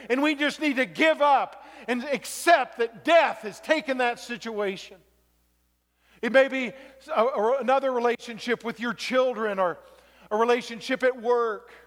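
A man preaching a sermon as pastor, moving from quiet reflection to shouted exhortation, in a church sanctuary. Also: very high voice. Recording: long reverb of a large hall.

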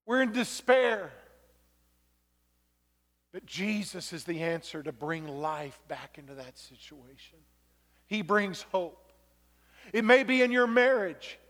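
High-voiced preaching man in a hall. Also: animated, slow, pauses often. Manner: builds from quiet reflection to shouted exhortation. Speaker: pastor. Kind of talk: sermon. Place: church sanctuary. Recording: long reverb of a large hall.

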